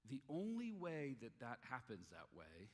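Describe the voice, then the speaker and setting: A man preaching a sermon, an animated storyteller who acts out the dialogue in his stories. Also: medium pitch, a little slow. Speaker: pastor. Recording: long hall reverb.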